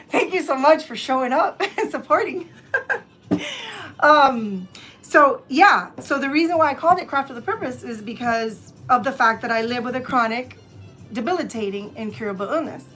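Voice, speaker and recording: A high-pitched woman in her fifties from Florida leads a live gift-wrapping lesson. She talks to her viewers in a loose, chatty way, calls them y'all, and keeps wandering from the task. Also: animated, normal speed, pushed and bright, faint music behind. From Tampa area, Florida, US. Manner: chatty and digressive, often addresses viewers as y'all. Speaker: craft channel host.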